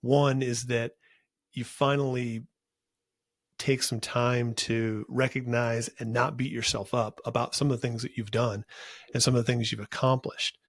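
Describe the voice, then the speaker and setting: A man hosting a podcast, talking earnestly and emphatically in a casual interview, often repeating words as he gets excited. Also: medium pitch, unhurried, dry recording. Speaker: podcast host.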